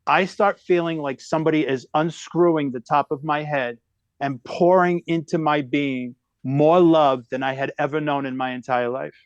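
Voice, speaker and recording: Middle-aged man, comedian, animated storyteller, slightly higher voice, dry close sound. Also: no echo, highs cut off. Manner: animated storyteller who shifts pace a lot. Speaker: guest comedian. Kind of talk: storytelling in a podcast conversation.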